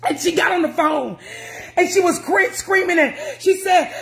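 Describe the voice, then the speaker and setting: Brief: woman preacher, high voice, emphatic and repetitive, often shouting. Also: moderate pace, gravelly. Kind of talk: sermon.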